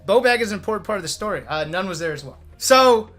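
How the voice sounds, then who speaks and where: A man with a high, bright voice tells a story to his stream chat. He talks in a casual, animated way, cursing freely and tossing "right?" at his viewers. Soft music plays faintly behind him. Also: fast talker.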